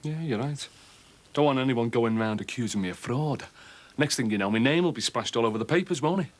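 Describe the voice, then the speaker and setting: An actor playing a jokey, smooth-talking local man in a soap opera. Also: mid-range voice, fairly quick, natural voice. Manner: jokey, breezy, cheeky.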